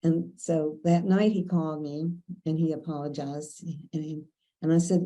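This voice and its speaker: Older woman lawyer with a mellow, dark voice. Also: low-pitched, steady tone, normal speed, poor audio. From Kentucky. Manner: chatty, laughing anecdotes with many fillers. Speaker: veteran lawyer. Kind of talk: storytelling interview.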